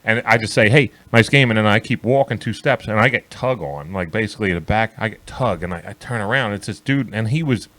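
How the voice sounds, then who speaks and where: A man's voice: lowish voice, fast talker, hardly any pauses. A man co-hosting a casual sports talk podcast, telling long, profane stories with lots of restarts. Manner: rambling, profane, animated storytelling with many restarts. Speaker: co-host.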